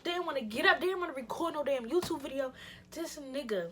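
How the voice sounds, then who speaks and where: Animated young woman telling a storytime. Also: high-pitched, a little fast. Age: young adult. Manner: animated, emphatic, swears freely, acts out her own reactions. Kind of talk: casual storytime vlog.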